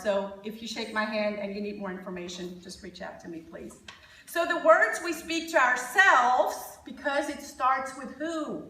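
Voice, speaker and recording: A woman giving a conference talk, an animated storyteller who coaches parents and jokes with her audience. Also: fairly high pitch, roomy sound, recorded from a distance, rough recording. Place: conference hall.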